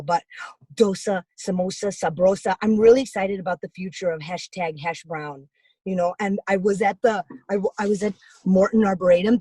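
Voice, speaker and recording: Young woman, comic monologue, video call, husky tone, dry sound, rambling and excitable. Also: medium pitch, no echo, low-quality recording. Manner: excitable, rambling, jokey with animated voice swings. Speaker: comedian guest on video call.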